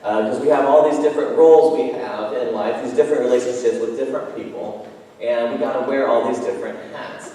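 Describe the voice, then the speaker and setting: A man's voice: mid-range voice, fairly even intonation, fairly quick, dark tone. A man preaching a sermon as pastor, telling stories in a conversational way with frequent ums and restarts. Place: church sanctuary. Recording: echoey church hall from far off.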